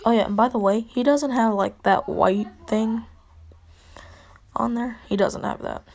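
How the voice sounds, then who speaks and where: A woman's voice: fairly high pitch, fairly even intonation, unhurried, vocal fry, a little mellow. A woman rambling through a made-up fan story, full of "like.". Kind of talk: casual storytelling.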